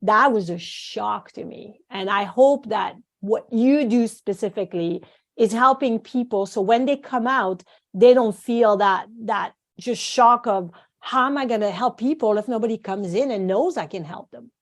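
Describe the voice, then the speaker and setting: A French-born woman from France, whose first language is French, appears as a guest on a podcast interview. An acupuncturist and course founder, she speaks unhurriedly at a medium pitch, telling stories with animation and acting out quoted voices.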